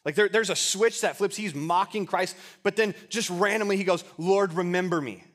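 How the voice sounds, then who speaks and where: A young man preaching a casual sermon to a youth group, often stumbling and repeating words, with relaxed slang. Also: high voice, normal speed. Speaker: youth pastor.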